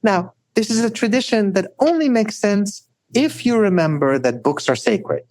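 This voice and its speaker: Animated storytelling man, wide pitch swings. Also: normal speed, dry recording. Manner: animated storyteller, rising high for emphasis; frequent "right?" tags. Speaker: guest scholar. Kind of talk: storytelling in a podcast interview.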